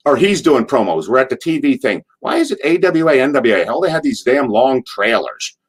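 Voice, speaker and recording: In a husky, mid-range voice with a sing-song lilt, a man speaks a little fast. He's a former pro wrestler from Allentown, Pennsylvania, being interviewed, and he wanders through backstage tales with casual profanity and frequent restarts.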